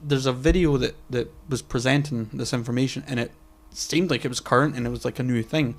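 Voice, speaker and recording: A man's voice: medium pitch, steady tone, fairly quick. Guy rambling on a podcast, tons of ums and restarts, swears a lot. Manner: rambling, many fillers and restarts, swears casually. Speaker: podcast co-host. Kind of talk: casual chat.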